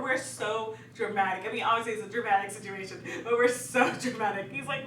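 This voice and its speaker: A young woman telling a story in a casual, animated way, laughing often and dramatizing events. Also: a little high, brisk, hardly any pauses. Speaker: vlogger. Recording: echoey room, distant mic, faint hum.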